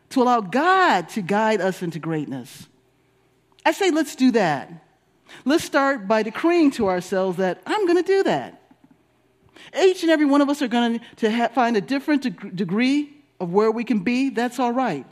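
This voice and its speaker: Brief: male minister, high voice, emphatic repetitive sermon delivery. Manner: emphatic, repetitive preaching with rising and falling delivery.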